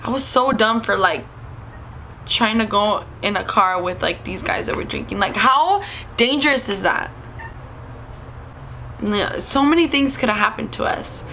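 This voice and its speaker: A woman's voice: mid-range voice, measured pace, pauses often, pushed and bright, a little hiss or hum. A young woman telling a story in a casual, chatty vlog, switching into the voices of the people she quotes. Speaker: vlogger.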